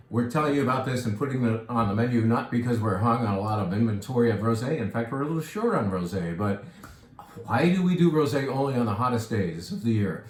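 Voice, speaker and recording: A man's voice: mid-range voice, a little hiss or hum. A man, a wine shop steward, tasting and describing wines in a casual, enthusiastic way, savoring each sip with murmurs. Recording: echoey room.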